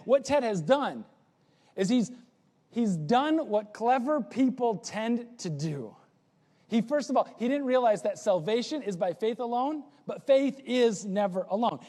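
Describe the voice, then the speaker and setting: A man's voice: high-pitched, warm tone, big-room sound. A man preaching a sermon as a pastor, in a casual, conversational and joking way.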